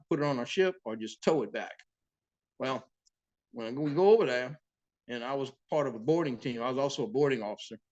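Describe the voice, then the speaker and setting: A boat captain, a man, telling sea stories in a casual, profane, animated way as an interview guest. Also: medium pitch. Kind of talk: casual storytelling.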